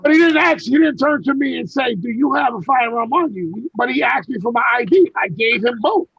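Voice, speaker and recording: High, gravelly man telling rough stories. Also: animated, brisk, dry recording, highs cut off. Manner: profane, rambling storytelling with many restarts. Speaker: guest recounting personal stories. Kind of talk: casual chat on a video call. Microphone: video call mic.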